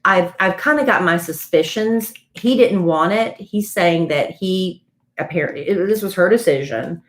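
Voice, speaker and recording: A woman's voice: fairly low pitch, normal speed. A woman co-hosting a podcast, chatting casually and telling celebrity gossip like a story. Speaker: podcast co-host. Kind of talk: casual chat.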